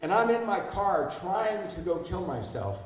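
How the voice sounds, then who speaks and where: A man's voice: sits high, sing-song, measured pace. Older man telling his story in an echoey hall. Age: 60s. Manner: candid, self-deprecating, asks the audience questions. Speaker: guest speaker. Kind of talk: personal recovery story told to an audience. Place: large hall before an audience. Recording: echoey hall, mic far off.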